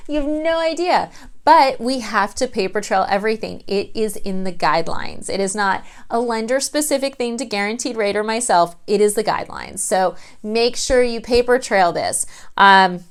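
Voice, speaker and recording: Woman, mortgage lender, casual vlog advice, animated, slightly high voice. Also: moderate pace, clear, resonant tone. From United States. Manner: animated, acts out clients' voices. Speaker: mortgage loan officer.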